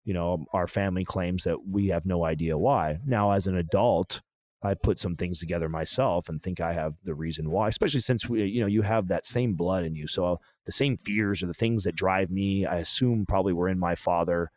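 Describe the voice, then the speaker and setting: A man talking through a painful personal story in a halting, emotional way, often restarting his sentences. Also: deep voice, a little mellow. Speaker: podcast guest.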